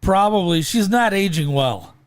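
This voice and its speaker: A man's voice: high voice, lively intonation, normal speed, clear, resonant tone, no echo. A man co-hosting a casual podcast, joking and teasing in a laid-back way. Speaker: podcast co-host.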